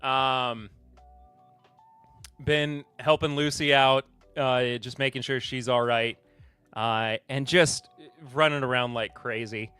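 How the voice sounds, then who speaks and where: A man's voice: mid-range voice, steady tone, slow pace, pushed and bright, smooth, no room sound. Man, 30s, from the Southern US, podcast host, rambling livestream chat, faint music behind. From Southern United States. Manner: rambling, many fillers and restarts.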